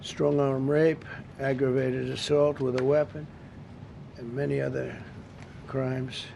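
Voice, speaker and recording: Speaking slowly into a podium mic in a government briefing room, a septuagenarian man gives off-the-cuff press briefing remarks that are blunt, repetitive, and full of rambling asides. His medium-pitched voice is gravelly with a flat delivery, and background noise can be heard.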